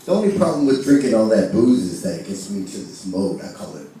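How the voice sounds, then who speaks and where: A man's voice: fairly low pitch, very animated, fast talker, mellow. A male stand-up comedian with a brash, profane delivery who laughs at his own jokes, on a club stage. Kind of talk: stand-up routine. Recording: echoey club from a distance, noisy crowd.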